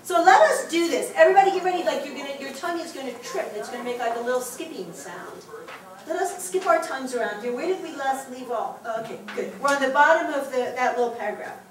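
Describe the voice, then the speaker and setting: A woman teaching a small class, quick to laugh and encouraging her students as they read aloud. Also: high-pitched, lively intonation. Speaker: Hebrew teacher. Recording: roomy classroom from far off.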